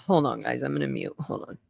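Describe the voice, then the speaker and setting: A woman with a fairly low voice recounts her childhood to a livestream audience. She talks haltingly, full of restarts and fillers, and can turn blunt and profane. The sound is dry and close, with no room around it. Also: vocal fry, a little mellow, no echo. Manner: blunt, swears. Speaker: livestream host telling her own story. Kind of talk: casual personal storytelling.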